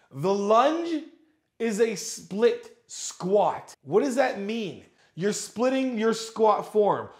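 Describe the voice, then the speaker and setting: Brief: male fitness coach, high for a man, blunt and exasperated, swears casually, roomy echo. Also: a little mellow. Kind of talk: fitness critique commentary.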